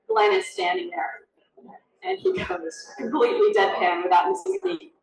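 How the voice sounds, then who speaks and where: Animated woman telling stories in an echoey room. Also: extremely high pitch, moderate pace, gravelly. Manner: animated, acts out quoted voices. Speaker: tribute speaker. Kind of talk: anecdotal storytelling at a memorial. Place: event room. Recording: roomy echo from a distance.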